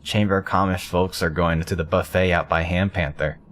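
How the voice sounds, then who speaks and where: A man voicing a tired young woman in a video game, speaking flat and deadpan. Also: low voice, moderate pace, a little hiss or hum, voice pushed down. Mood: weary. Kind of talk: reading game dialogue aloud.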